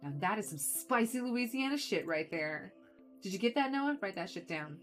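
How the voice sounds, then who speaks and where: A woman voicing a small, energetic, rude male film director in a video game, talking brash, loud and condescending. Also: mid-range voice, moderate pace, soft background music, lightly acted.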